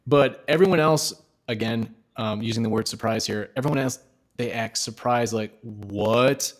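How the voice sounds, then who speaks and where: A man with a mid-pitched voice talks on a casual book podcast. He thoughtfully argues for his own reading of a character's choices. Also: moderate pace. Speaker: podcast co-host.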